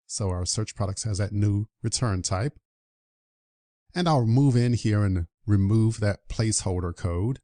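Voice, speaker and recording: A man's voice: lowish voice, unhurried, dark tone, dry recording. Upbeat man narrating a coding tutorial. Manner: upbeat, walks through each step aloud. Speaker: programming instructor. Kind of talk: screen-recorded coding tutorial.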